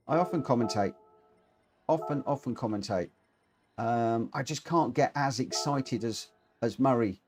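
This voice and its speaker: A man streaming online races, giving excitable live commentary and chatting with viewers. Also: mid-range voice. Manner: excitable, rising into animated commentary. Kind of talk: live race commentary and chat.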